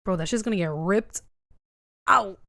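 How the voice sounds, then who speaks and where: A woman's voice: mid-range voice, moderate pace, vocal fry, bright, forceful tone, no echo. Young woman chiming in, dry sound. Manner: chiming in with short agreements and jokes. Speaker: podcast co-host. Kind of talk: casual chat.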